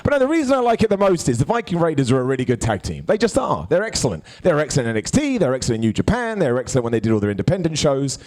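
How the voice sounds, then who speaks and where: A man's voice: fairly high pitch, rapid-fire, hardly any pauses. A man hosting a live wrestling review show, joking and bantering with people in the crowd. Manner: jokey, animated, bantering with hecklers.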